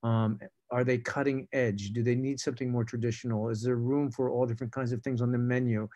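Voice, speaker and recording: Brief: a man guest, loose and rambling, with a soft, dark voice at a middle pitch. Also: little pitch movement, a little fast. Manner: rambling with many fillers and restarts. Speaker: film director and guest. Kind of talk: casual panel talk.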